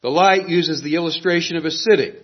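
Husky-voiced male preacher, lo-fi sound. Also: on the high side. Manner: earnest, emphatic preaching with dramatic pauses. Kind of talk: sermon. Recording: dull lo-fi recording.

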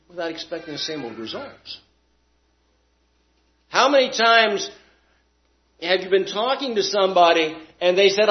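A man preaching a sermon, asking rhetorical questions and swinging between loud emphatic lines and quiet ones. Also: very high voice. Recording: dull lo-fi sound.

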